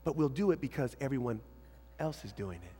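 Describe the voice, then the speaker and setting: A man preaching a lively sermon to young people as a youth pastor, swinging between shouts and hushed asides. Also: medium pitch, brisk, husky. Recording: hall reverb.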